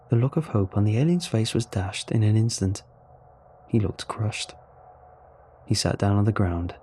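Man reading a story out loud, low husky dark voice, calm and steady. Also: normal speed. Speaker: narrator. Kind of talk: first-person story narration.

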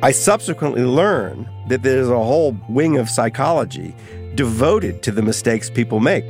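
A middle-aged man, an author being interviewed, telling anecdotes in a lively, casual way. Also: mid-range voice, normal speed, soft background music. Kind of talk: storytelling interview.

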